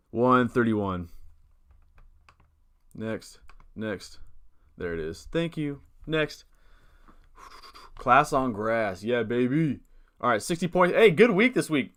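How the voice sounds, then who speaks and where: A man's voice: medium pitch, lively intonation, slow pace, long pauses, a bit bright, clean tone. A young man streaming live, casually talking through fantasy football teams and reading chat, rambling and upbeat, with hiccups. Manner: thinks aloud, reads chat, rambling and upbeat.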